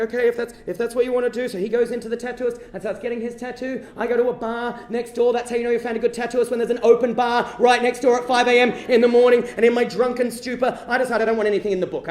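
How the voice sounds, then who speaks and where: A man performing a comic true-life story on stage in an animated way, swearing and breaking into shouts. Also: extremely high pitch, fast, hardly any pauses. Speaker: stand-up storyteller. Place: live venue stage. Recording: echoey live hall.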